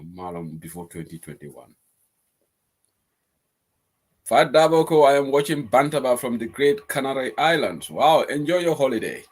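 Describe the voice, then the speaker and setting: Animated Gambian man hosting current affairs. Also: mid-range voice. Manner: animated, reads out viewer comments and argues points. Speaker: host. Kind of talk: live online current affairs commentary.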